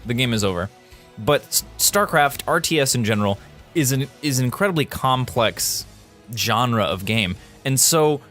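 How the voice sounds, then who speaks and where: A man who designs games, explaining game design in casual commentary over footage, animated and full of quick exclamations. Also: medium pitch.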